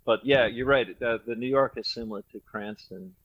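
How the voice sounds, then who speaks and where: A man's voice: medium pitch, moderate pace, fairly bright tone, low-quality recording. A middle-aged man from Rhode Island co-hosting a podcast, chatting casually, joking and rambling, laughing often. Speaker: podcast co-host. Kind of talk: casual chat.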